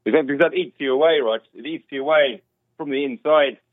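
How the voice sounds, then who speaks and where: A man's voice: mid-range voice, fast, no echo. A man calling in by phone, eagerly agreeing and thanking the host. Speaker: caller. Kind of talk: phone call-in chat. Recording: tinny phone line.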